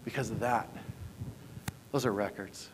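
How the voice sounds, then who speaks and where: Heavy background noise accompanies this keynote, along with distant hall reverb and faint ambience from a large conference hall. The male conference speaker has a lowish voice, fairly even intonation and a slightly slow pace, and his talk is joking and punchy, with frequent questions to the audience.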